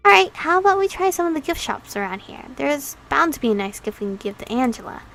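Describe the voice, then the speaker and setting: Gravelly woman reading a romance game. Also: sits high, big pitch swings, fast talker, a bit bright, slight background noise. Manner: playful, chatty asides between read lines. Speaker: game channel host. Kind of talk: reading a visual novel aloud with commentary.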